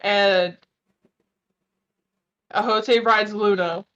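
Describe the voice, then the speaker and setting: A woman's voice: medium pitch, steady tone, very slow, a bit bright, highs cut off. A woman playing a tabletop game, teasing the others bluntly. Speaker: player. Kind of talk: casual tabletop game chat.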